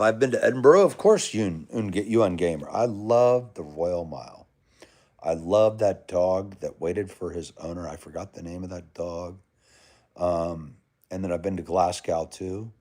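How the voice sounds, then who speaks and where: A chummy American man with a lowish voice, talking casually on a livestream and answering viewers. His pitch jumps around a lot as he rambles, calling people brother and man. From United States. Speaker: livestream host. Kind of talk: casual live chat reading comments.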